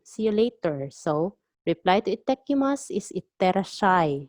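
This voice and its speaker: A woman with a Filipino accent teaching a language lesson, saying each phrase slowly and repeating it for practice. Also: medium pitch, animated, no room sound.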